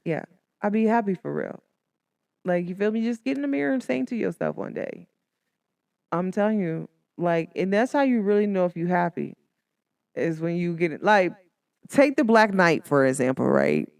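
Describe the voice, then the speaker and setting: A woman's voice: fairly low pitch, lively intonation, normal speed, gravelly, darkish tone, no echo, studio quality. Chatty encouraging woman host. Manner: chatty, encouraging, lots of "like" fillers. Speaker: podcast host. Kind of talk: casual motivational talk.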